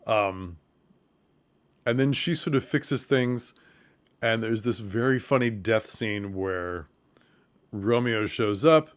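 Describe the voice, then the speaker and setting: A man casually retelling a comedy film's plot for theatre makers, with chuckles and quick put-on voices for the characters. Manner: animated retelling, quick falsetto bits for quoted characters; chuckles through the telling. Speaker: theatre commentator. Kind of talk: casual film recap.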